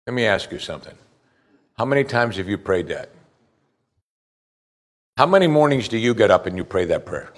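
Pastor preaching, asking pointed questions. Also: male voice, mid-range voice, very animated, moderate pace, long pauses. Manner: asks the congregation direct questions, emphatic. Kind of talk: sermon.

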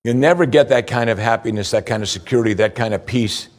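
A man delivering a sermon from the pulpit in an earnest preaching manner. He poses rhetorical questions to his listeners, lifting his voice to stress a point and slowing down on the lines that matter. His pitch sits in an ordinary middle range for a man. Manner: rises in pitch for emphasis, slows for key points. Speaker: pastor.

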